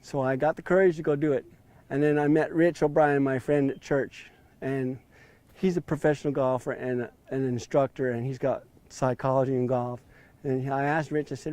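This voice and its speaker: A man's voice: mid-range voice, fairly even intonation, moderate pace, darkish tone. A man in his fifties telling his story in an interview, acting out quoted dialogue with a raised voice. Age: 50s.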